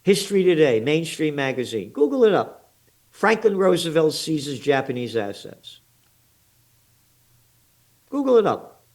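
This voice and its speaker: A man's voice: fairly high pitch, big pitch swings, measured pace, pauses often, darkish tone. An older American man with an American accent, a trends forecaster giving blunt, sarcastic, indignant commentary in an interview, full of rhetorical questions.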